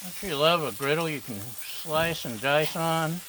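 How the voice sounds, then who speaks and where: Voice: mid-range voice, expressive, measured pace, rough recording. A home cook vlogger giving playful, chatty cooking commentary outdoors, talking to the dogs now and then. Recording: loud sizzling griddle noise behind.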